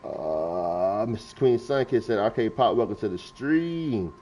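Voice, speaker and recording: A man's voice: on the low side, animated, a little slow, mellow. A young adult man, a gaming streamer, riffing casually and preachily about feelings while reading chat aloud. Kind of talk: casual livestream talk. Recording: lo-fi stream mic.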